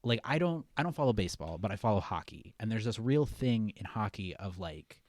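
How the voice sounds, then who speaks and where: A man's voice: on the low side, brisk, no echo, clean studio sound. A young man casually talking through a film as a podcast co-host, rambling with many fillers. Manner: relaxed, rambling, lots of fillers. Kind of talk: casual movie discussion.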